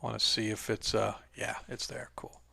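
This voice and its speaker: Man, game master, gravelly voice, dry close sound, rambling casual chat. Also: lowish voice, completely flat delivery, moderate pace, bright, forceful tone, no echo. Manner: rambling, trails off while setting up maps.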